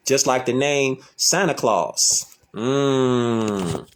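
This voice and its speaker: A man's voice: medium pitch, very animated, slow pace, slight background noise. A man hosting a casual lecture, talking emphatically in slangy street talk and repeating rhetorical questions. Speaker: host. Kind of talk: casual lecture showing images.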